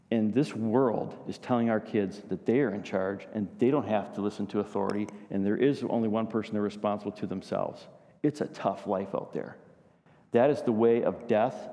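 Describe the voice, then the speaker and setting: A man's voice: fairly low pitch, warm tone. Man preaching in a reverberant church. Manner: storytelling, addresses congregation with questions. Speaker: pastor. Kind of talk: sermon.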